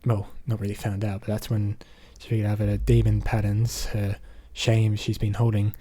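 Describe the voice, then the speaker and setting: This is a casual spoken movie recap from an Australian man who reviews films, rambling through the plot and padding sentences with "basically" and "um." He sounds low, mellow and a bit husky, keeping a flat, even delivery at a moderate pace.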